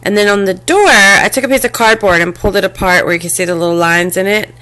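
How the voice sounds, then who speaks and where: A woman casually showing a handmade craft box and mini album to the camera, halting often with fillers and restarts and apologizing as she handles things. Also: mid-range voice, pushed and bright. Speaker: crafting vlogger. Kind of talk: casual show-and-tell craft demo.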